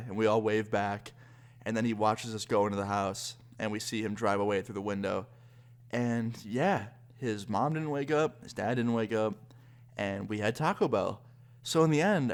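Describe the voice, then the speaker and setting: A young man telling a story to camera in a casual, chatty way, full of fillers. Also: lowish voice. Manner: chatty, lots of fillers like 'like'. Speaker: vlogger.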